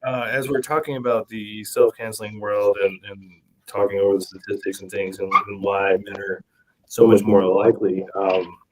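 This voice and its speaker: A man hosting a casual podcast, asking loose, relaxed questions full of fillers. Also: lowish voice, moderate pace, rough recording. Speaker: podcast host.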